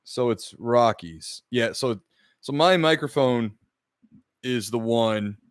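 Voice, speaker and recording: Frustrated swearing podcast host, dry sound. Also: male voice, medium pitch, takes it slowly, clear, resonant tone, no echo. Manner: frustrated, swears often, talks to the live chat. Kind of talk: casual streamed podcast chat. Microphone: podcast microphone.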